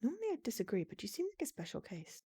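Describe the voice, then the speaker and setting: A woman's voice: a little high, wildly swooping pitch, fast talker, dark tone, husky, full character voice. A woman voicing a cheery, ageless lost soul in purgatory, chatty and bubbly, over faint game music. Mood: breezy. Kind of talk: reading a visual novel aloud.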